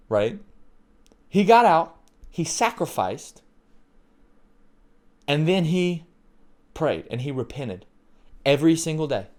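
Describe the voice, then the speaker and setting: Excitable joking male preacher, fairly high voice. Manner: excitable, joking, repeats phrases for emphasis. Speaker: pastor. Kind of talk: sermon.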